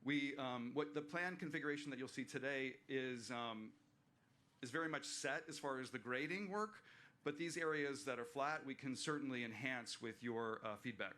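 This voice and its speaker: Bright-voiced man presenting a park plan. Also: medium pitch, normal speed, slight background noise. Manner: earnest, explanatory, with fillers and restarts. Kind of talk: public meeting presentation. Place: waterfront venue, livestreamed meeting.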